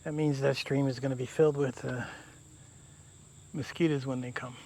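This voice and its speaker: A man's voice: medium pitch, level tone, moderate pace, vocal fry, dark tone. A man vlogging casually to camera while camping in damp woods by a river, talking in an easygoing, rambling way. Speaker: outdoor vlogger. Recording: faint outdoor insect noise. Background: crickets and insects.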